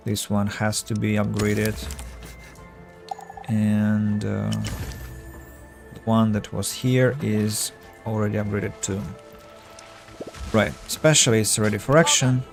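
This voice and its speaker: Man, game streamer, tired fading voice, gravelly, halting, faint music behind. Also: fairly low pitch, fairly even intonation. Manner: thinks aloud, halting with restarts. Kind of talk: casual gameplay commentary. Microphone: earbuds.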